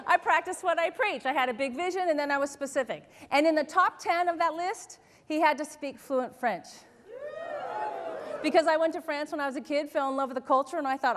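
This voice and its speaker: A woman motivational speaker delivers an animated keynote, her high voice ringing through a large hall with a long echo. She tells stories, laughs along with them and keeps asking the audience questions. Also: fairly quick. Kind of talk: keynote speech to a live audience.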